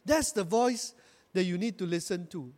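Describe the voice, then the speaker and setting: A man's voice: high-pitched, expressive, normal speed, a little mellow, long reverb tail. A man preaching a sermon as pastor, building to emphatic bursts and calling his congregation to repeat after him.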